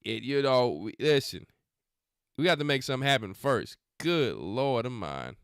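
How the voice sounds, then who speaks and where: A man hosts a faith podcast, reacting to clips with scolding, preachy remarks in casual slang. His voice is smooth and resonant, recorded dry and close with no room sound. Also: medium pitch, sing-song, moderate pace, no echo. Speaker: podcast host. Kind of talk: religious commentary on videos.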